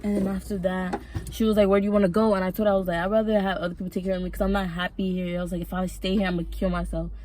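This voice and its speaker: A woman's voice: medium pitch, flat delivery, very fast, warm tone. A woman telling a personal story in a casual vlog, rambling and swearing freely. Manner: rambling, profane, emotional storytelling. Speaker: vlogger.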